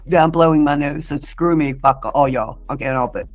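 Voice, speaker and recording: A woman's voice: deep voice, moderate pace, faint music behind. A woman on a livestream in an angry, indignant rant, cursing and defensive.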